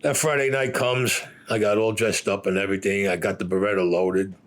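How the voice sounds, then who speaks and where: An older man from Brooklyn, New York, tells his own story in a fairly low, steady voice that's a bit bright and fairly quick. He's blunt and swears freely, acting out the lines other people said.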